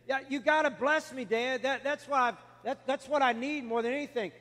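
A desperate grown son, begging and urgent, as a man puts him on in a sermon. The voice sits high for a man and rings with long hall reverb. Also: brisk, a bit bright. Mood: pleading.

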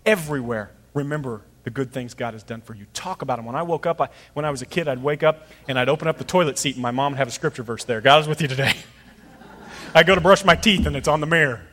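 A man's voice: medium pitch, fast talker, pushed and bright, long reverb tail. A middle-aged man preaching a sermon as pastor, conversational and storytelling, acting out voices in his stories.

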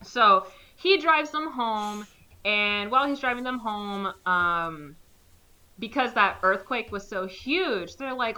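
A woman's voice: medium pitch, slow, sharp tone. A young woman casually recapping a movie plot, rambling with lots of "like" and acting out the characters' lines.

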